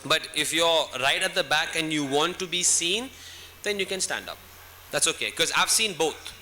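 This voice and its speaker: Bright-voiced man coaching students. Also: a little high, lively intonation, normal speed, a little hiss or hum. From India. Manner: instructive, repeats "okay?" to check listeners. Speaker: guest speaker answering student questions. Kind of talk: Q&A session at a school event.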